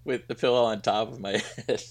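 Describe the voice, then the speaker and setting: A man's voice: mid-range voice, fairly even intonation, fairly quick. A man co-hosting a podcast in casual chat, making dry jokes and puns. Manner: dry, joking, punning. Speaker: podcast co-host.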